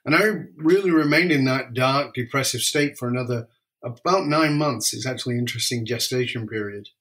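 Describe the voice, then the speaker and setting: Male storyteller, candid and reflective, mid-range pitch. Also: fairly quick, a bit bright. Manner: emotional, reflective, varies pace widely. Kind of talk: personal storytelling.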